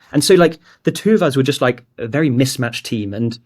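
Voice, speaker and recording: A man's voice: mid-range voice, lively intonation, a little fast, darkish tone. A man in his twenties from England, telling a candid, rambling startup story in a casual interview. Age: 20s; late 20s. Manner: candid, rambling, heavy use of "like". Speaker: guest, startup founder.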